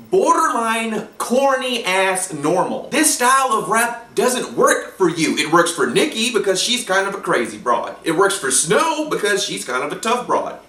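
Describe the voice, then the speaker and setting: A man's voice: high-pitched, pushed and bright. A man delivering a blunt, profane, sarcastic opinion rant to camera. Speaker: commentary vlogger. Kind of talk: ranting opinion monologue. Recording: echoey room, mic set at a distance.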